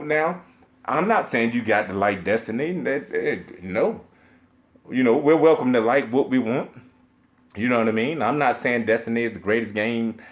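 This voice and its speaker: A young man ranting on a live stream about video games, profane and emphatic, repeating himself and laughing between points. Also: medium pitch. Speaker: gaming streamer.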